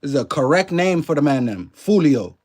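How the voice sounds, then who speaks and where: With a fairly high, sing-song voice at a fairly quick clip, a man hosts a casual live stream. His accent mixes New Orleans and Canadian, and he swears freely while greeting viewers by name.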